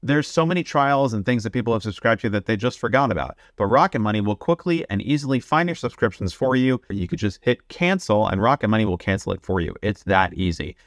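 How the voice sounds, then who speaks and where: A man with a lowish voice reads an ad and chats casually on a podcast. His delivery is laid-back and relaxed. The sound is dry and close, with no room around it. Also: fast talker, hardly any pauses, no room sound. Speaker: podcast co-host. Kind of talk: casual chat and ad read.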